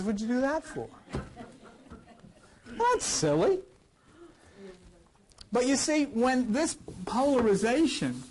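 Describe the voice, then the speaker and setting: An older man with a high-pitched voice teaching a class on scripture. He rambles and talks to the room in a conversational way, with big swings in loudness. His voice has a slight roughness from recent coughing. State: recovering from a cough. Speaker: lecturer.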